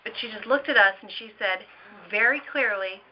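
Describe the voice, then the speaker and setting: A woman speaking as an interview guest in casual chat, telling family anecdotes in an animated way. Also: on the high side, normal speed, slight background noise. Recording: dull lo-fi audio.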